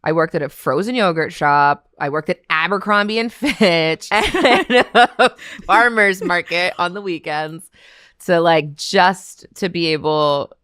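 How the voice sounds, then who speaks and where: A woman from Canada talks as a podcast guest, with a low, smooth and resonant voice. She tells lively stories, laughs often and acts out the voices of people she quotes. The sound is close and dry. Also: a little slow, dry recording. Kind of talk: casual chat.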